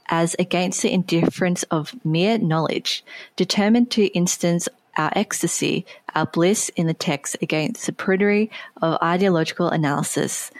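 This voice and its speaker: A woman co-hosting a literary podcast, reading a review aloud in a measured, dry manner. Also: on the low side, no echo. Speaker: podcast co-host.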